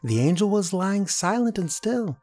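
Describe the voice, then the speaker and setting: A woman reading a children's picture book aloud, lively and animated, putting on high voices for the characters. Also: normal speed, faint music behind.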